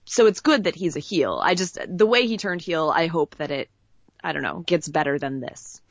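A woman co-host chatting casually with wry, plainspoken reactions. Her voice sits somewhat low for a woman. The recording is dry and a little muffled. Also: expressive, moderate pace, no room sound. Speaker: podcast co-host. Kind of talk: casual chat.

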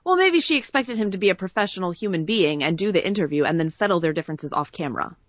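A woman's voice: on the low side, lively intonation, quick pace, no room sound, muffled recording. A woman co-hosting a podcast in casual chat, giving wry, plainspoken reactions. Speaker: podcast co-host.

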